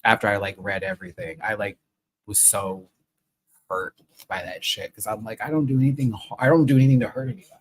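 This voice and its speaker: A young man chatting casually on a live stream review, excitable and swearing often. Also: on the low side, fast, background noise.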